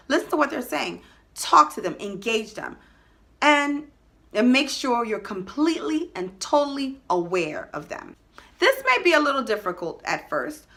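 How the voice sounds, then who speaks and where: A woman's voice: fairly high pitch, bright, forceful tone. A woman giving a motivational talk to parents, emphatic and direct, repeating her key points.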